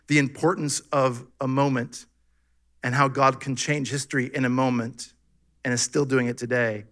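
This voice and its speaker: A man preaching a sermon as pastor, animated and full of rhetorical questions to his congregation. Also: mid-range voice. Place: church sanctuary.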